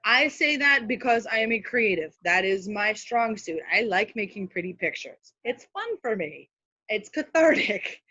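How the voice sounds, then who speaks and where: A woman's voice: medium pitch, expressive, unhurried, pushed and bright, breathy edge, no echo. Chatty woman on a dull call line. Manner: chatty, practical, many fillers and asides. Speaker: guest speaker, social media manager. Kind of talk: casual teaching on a live video call. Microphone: video call.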